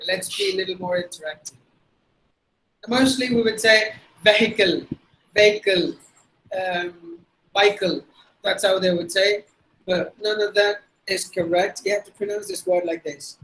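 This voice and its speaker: A man's voice: high voice, fairly even intonation, moderate pace, a bit bright, poor audio. A man with a Tamil accent teaching pronunciation in an online webinar, spelling words out letter by letter and repeating them. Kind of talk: online lecture. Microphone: video call.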